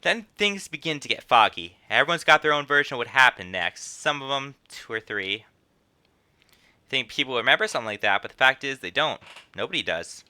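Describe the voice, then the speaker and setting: A man's voice: mid-range voice, big pitch swings, a little fast, pushed and bright, smooth. A man voicing a chatty female innkeeper who runs a guild, reading her lines in a drawl that drifts between put-on accents. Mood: folksy, storytelling.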